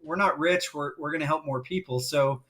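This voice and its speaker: A man's voice: on the high side, normal speed, very noisy. A middle-aged man speaking as a guest on a live stream, telling a heartfelt story and getting emotional as he talks. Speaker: guest, grief coach.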